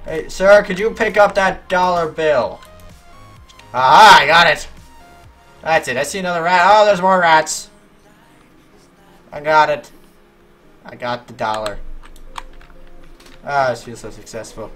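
A man giving animated let's-play commentary, yelping and talking back to the game's characters as he plays. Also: on the high side, a little slow, long pauses, faint music behind. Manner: animated, yelps at game characters. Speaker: gaming YouTuber.

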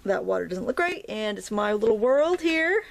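A woman's voice: medium pitch, very animated, moderate pace, creaky, background noise. A middle-aged woman with a Maine accent teaching watercolor painting in a casual, chatty way, talking to herself as she works and making playful asides. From Maine, USA. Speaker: watercolor instructor.

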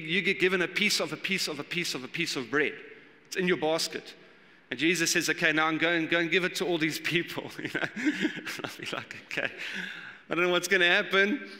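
Animated South African pastor in a hall. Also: male voice, a little high. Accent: South African English. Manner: casual storytelling with acted-out voices and laughs. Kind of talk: sermon. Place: church hall. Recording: long hall reverb.

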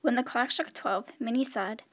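A woman reading a children's story aloud in a clear, measured storytelling voice. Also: on the high side, fairly bright tone, no echo. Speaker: storybook reader.

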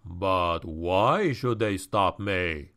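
A man voicing a cunning demonic male high priest who speaks slowly and commandingly in an audiobook. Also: lively intonation, bright, forceful tone, exaggerated voice. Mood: scornful. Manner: slow, measured and commanding. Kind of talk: audiobook character voice.

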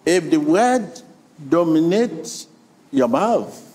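Slow, high-voiced male preacher. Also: big pitch swings, warm tone, slightly rough. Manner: emphatic and repetitive, drawing the congregation in. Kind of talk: sermon. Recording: long reverb of a large hall.

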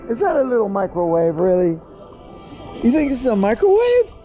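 A man's voice: extremely high pitch, wildly swooping pitch, fairly quick, mellow, dull audio. A man playing with his son at a swimming pool, talking patiently, encouraging and teasing him. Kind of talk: casual playful chat with a child. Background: music.

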